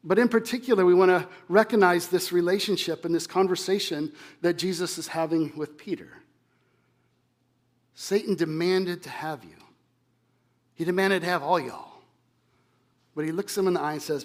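Preacher with dramatic delivery. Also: male voice, high-pitched, moderate pace, long pauses. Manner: expressive preaching, swings from loud emphasis to hushed. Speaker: pastor. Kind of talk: sermon.

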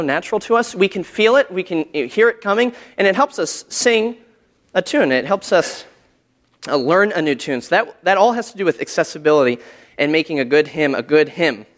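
A man's voice: sits high, fairly bright tone. A man teaching a church class about hymn tunes, talking casually, with fillers, and humming short melody examples.

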